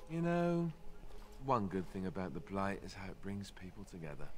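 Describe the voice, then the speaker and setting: A man's voice: deep voice, sing-song, moderate pace, a little mellow, slight background noise. An actor playing a wry, playful young male warrior in a video game, joking sarcastically and poking fun at himself.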